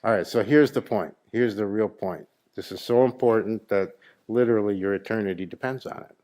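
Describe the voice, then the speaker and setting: Low-voiced spiritual teacher, playful and probing. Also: male voice, brisk, darkish tone. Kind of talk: satsang teaching, quizzing the audience.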